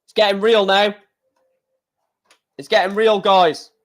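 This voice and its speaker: A man hosting a casual live stream, talking in an excitable, rambling way with many restarts. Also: high voice, unhurried.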